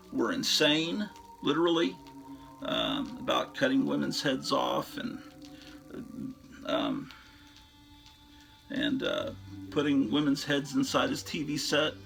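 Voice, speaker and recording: A man's voice: medium pitch, gravelly, fairly bright tone. A man hosting a show, chatting casually and enthusiastically about his record collection in a rambling way, often trailing off into fillers.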